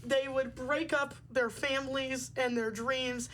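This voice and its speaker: A bubbly young woman hosts a casual podcast chat, her voice sitting high for a woman. She rambles along with plenty of fillers. Faint noise hums under the recording. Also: flat delivery, measured pace, fairly bright tone, rough recording. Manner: chatty, bubbly, lots of fillers. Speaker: podcast host.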